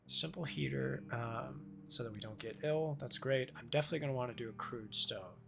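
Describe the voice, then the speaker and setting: Playing a game live, a man rambles to his viewers in a mid-range, gravelly voice that runs a little fast. His commentary is casual and full of self-mockery.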